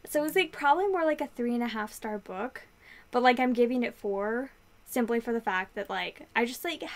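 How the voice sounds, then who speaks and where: A young woman vlogger chatting casually about books she read, with many "like" fillers. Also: a little high. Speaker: book vlogger. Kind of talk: casual book review chat.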